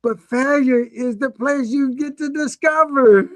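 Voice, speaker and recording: A high-pitched man speaks openly and with feeling, telling his stories with expressive energy. His voice sits close and dry on the mic, with no room sound around it. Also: measured pace, dry recording. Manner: emotional, expressive storyteller. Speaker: guest speaker and coach. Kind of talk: casual webinar conversation.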